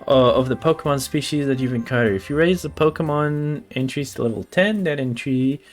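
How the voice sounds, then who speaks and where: A man's voice: mid-range voice, a little fast, lightly acted. A man voicing a pompous male professor in a theatrical put-on accent, reading game text in a stilted, formal way. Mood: explaining. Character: pompous male professor, with a mad-scientist cartoon-villain tinge. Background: faint game music.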